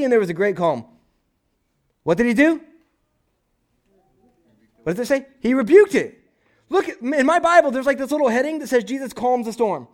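Animated high-voiced male pastor. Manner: animated, conversational preaching with frequent "right?" and acted-out quotes. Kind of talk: sermon.

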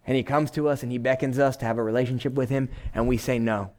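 A man's voice: mid-range voice, fairly even intonation, fast talker, darkish tone. A male pastor preaching a sermon in a conversational but emphatic way, exhorting the congregation in short repeated phrases. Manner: conversational, checks in with "right?".

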